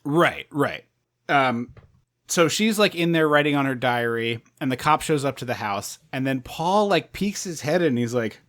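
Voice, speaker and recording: A podcast co-host with a very lively, swooping voice recaps a movie in casual chat. They laugh often and slip into exaggerated character voices. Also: medium pitch, normal speed.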